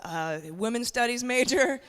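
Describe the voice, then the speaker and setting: A brash woman in her forties works the crowd in a stand-up set, her voice bright and cutting. It rings out with a long hall reverb over a faint background hiss. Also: a little high, expressive, a little slow. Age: 40s. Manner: brash, conversational, addresses crowd directly. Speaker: stand-up comedian. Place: comedy club stage.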